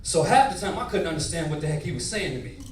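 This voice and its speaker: A man doing a stand-up comedy set in a nightclub, animated and working the crowd. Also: fairly high pitch, quick pace, slight background noise. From northern United States. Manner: animated, switching voices, crowd work. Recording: roomy club from far, crowd.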